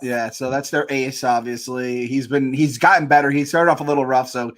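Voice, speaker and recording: A man's voice: medium pitch, fairly even intonation, fairly quick, a bit bright. A man co-hosting a sports podcast from afar, joking and rambling, with plenty of swearing. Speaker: podcast co-host. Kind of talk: casual sports chat. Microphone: remote call.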